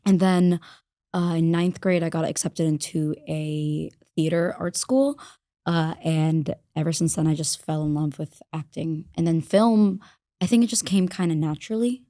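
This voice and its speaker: A young woman with a slightly low voice chats eagerly as a podcast guest, full of likes and ums. The recording is dry and close. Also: steady tone, normal speed, mellow, no room sound. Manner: chatty, uses many fillers. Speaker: actress guest. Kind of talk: casual podcast chat.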